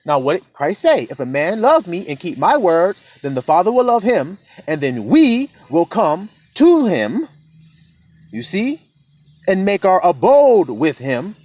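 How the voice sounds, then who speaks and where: A man preaching a sermon, reading scripture aloud and breaking in to explain it. He keeps asking his listeners whether they see his point and slows down when he reads the verses. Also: high-pitched, big pitch swings, darkish tone, no echo, muffled recording. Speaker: self-styled preacher.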